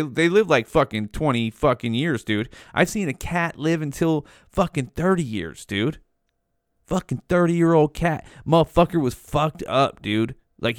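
A man's voice: mid-range voice, dry recording, studio quality. A young man hosting a podcast, rambling in a casual monologue, swearing often and saying "dude" a lot. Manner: profane, rambling, says "dude" constantly. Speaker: podcast host.

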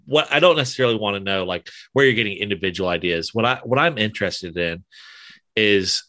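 A man's voice: lowish voice, expressive, brisk, pushed and bright, dry recording. A male interview host from Alabama with a mild Southern accent, chatting casually with many fillers and restarts.

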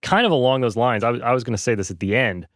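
A man's voice: medium pitch, expressive, rapid-fire, no room sound, studio quality. A man in casual podcast conversation, talking earnestly with lots of fillers. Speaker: podcast host, guest.

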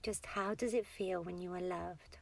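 A woman's voice: on the low side, steady tone, moderate pace, vocal fry. A woman in a whispered role-play as a comforting partner, tender and coaxing, often giggling and dropping into whispers.

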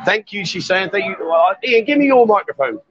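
Man, high voice, jokey live-stream host in a bar, dull lo-fi sound. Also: animated, brisk, a bit bright, husky. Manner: jovial, teasing banter. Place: bar, indoors.

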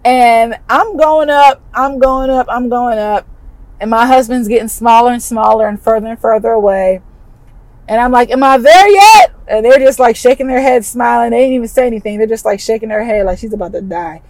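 A woman hosting a podcast, telling a personal story in an animated, emphatic and conversational way. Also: fairly high pitch, a little fast, no room sound, poor audio. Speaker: podcast host.

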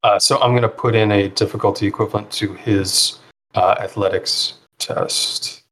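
Laid-back male game master, lowish voice. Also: moderate pace, slight background noise. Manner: relaxed, filler-heavy narration with frequent ums and likes. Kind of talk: narrating a tabletop role-playing game.

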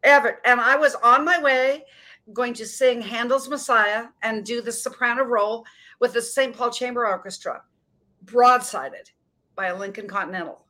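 A woman in her sixties from Montana, telling her story as a guest in an earnest, emphatic way with dramatic pauses. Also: on the high side, bright, forceful tone. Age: 60s. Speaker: guest, motivational speaker. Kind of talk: casual interview storytelling.

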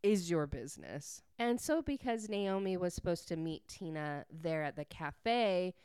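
A woman's voice: on the low side, lively intonation, unhurried, a little mellow, clean tone, no echo, clean studio sound. A woman casually recapping a book, chatty and gushing, with many fillers. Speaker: book reviewer.

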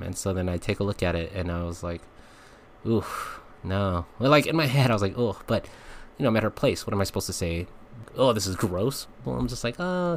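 Man, podcast host, casual storytelling, low voice, acts out quotes, faint background noise. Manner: chatty, laughs often, acts out quotes.

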